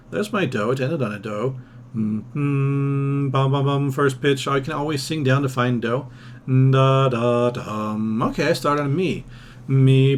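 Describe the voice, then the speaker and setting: A man's voice: medium pitch, a little hiss or hum. A man teaching a music theory lesson, thinking aloud and singing solfège and scat syllables to demonstrate, with casual, self-deprecating asides. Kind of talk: recorded ear-training lesson.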